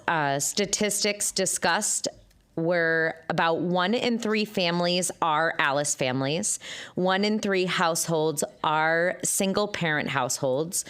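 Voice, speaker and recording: Smooth-voiced woman reading board updates. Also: on the low side. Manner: steady reporting, speeds up at times. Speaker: school board member. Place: public board meeting.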